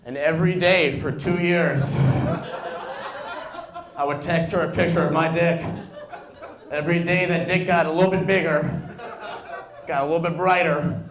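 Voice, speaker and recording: A man in his twenties doing an animated stand-up set in a bar, jumping into loud high voices for the people he quotes. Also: moderate pace, long pauses. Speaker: stand-up comedian. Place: bar and grill comedy night. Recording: echoey room, stage mic. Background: audience laughter.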